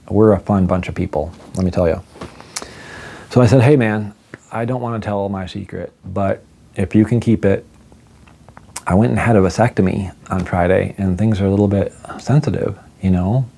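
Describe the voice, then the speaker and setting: Middle-aged man, low mellow voice, chatty self-deprecating storyteller who acts out quoted lines. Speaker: vlogger telling a personal story. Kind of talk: casual storytelling monologue.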